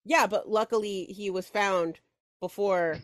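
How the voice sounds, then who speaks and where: A woman's voice: medium pitch, steady tone, a little slow, dry recording. A woman playing a tabletop game, talking hesitantly with lots of ums and likes, and giggling now and then. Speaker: player. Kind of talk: casual tabletop game play.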